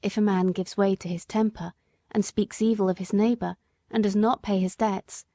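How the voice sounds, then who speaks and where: A woman's voice: medium pitch, steady tone, moderate pace, dark tone, no echo, lightly acted. A woman reading an audiobook, voicing an earnest, humble working-class male cabman in a plain, respectful way. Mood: firm.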